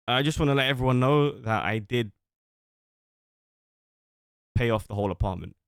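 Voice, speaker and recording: A man's voice: mid-range voice, moderate pace, gravelly, clear, resonant tone, no echo, clean studio sound. A man streaming live, reading out text messages and commenting on them in a blunt, casual way with plenty of swearing. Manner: casual, blunt, swears freely, thinks aloud.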